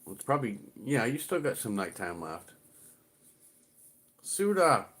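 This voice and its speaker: A man's voice: fairly low pitch, lively intonation, a little fast, a bit bright, slightly rough. A middle-aged man chatting casually on his livestream, rambling and swearing a little as he greets viewers. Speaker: livestream host.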